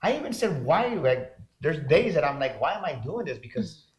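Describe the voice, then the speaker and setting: A man's voice: fairly high pitch, sing-song, normal speed. A man co-hosting a motivational talk show, speaking fervently with repeated, preacher-like build-ups. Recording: roomy echo.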